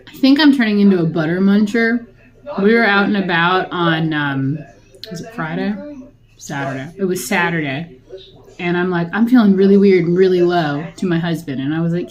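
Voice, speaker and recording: Young woman, casual eating vlogger: chatty, rambling, quick to laugh. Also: mid-range voice, a little mellow. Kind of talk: casual talking while eating.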